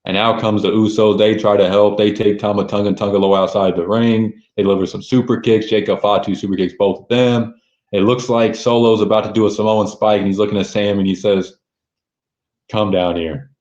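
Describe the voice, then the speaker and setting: A man hosting a podcast, recapping events in an excited, casual way and quoting what people said. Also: on the low side, brisk. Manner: excited, recounting events with quoted lines. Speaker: podcast host. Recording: roomy, dull lo-fi sound.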